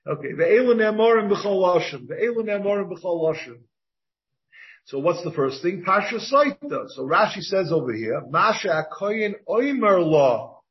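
A man with a fairly high voice leads a Talmud lecture as its rabbi. He reasons out loud, circling back with rhetorical questions. The recording is muffled and lo-fi. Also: animated, normal speed. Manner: thinks aloud with repeated rhetorical questions. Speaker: rabbi teaching a Talmud class. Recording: dull lo-fi recording.

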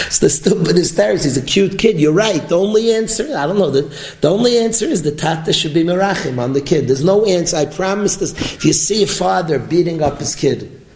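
An animated man preaching a Torah lecture in a rather high voice, telling stories and mixing Hebrew and Yiddish words into his talk. The room has a noticeable echo. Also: slight background noise. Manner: animated, storytelling, mixes in Hebrew and Yiddish terms. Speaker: rabbi giving a Torah class. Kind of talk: sermon-style Torah lecture.

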